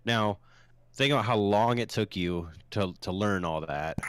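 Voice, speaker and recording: A man's voice: lowish voice, unhurried, slight background noise. A man co-hosting a casual, profane podcast chat, telling stories and acting out angry callers. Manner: animated storyteller, acts out angry callers. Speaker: podcast co-host.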